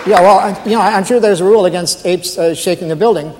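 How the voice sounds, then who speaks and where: A comedian playing a stammering nervous night guard. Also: male voice, high voice, fast, in a large hall, crowd noise, background noise, pitched above the performer's own voice, lightly acted. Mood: flustered. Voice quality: stammering, hesitant, overly polite. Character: nervous new male night guard phoning his boss.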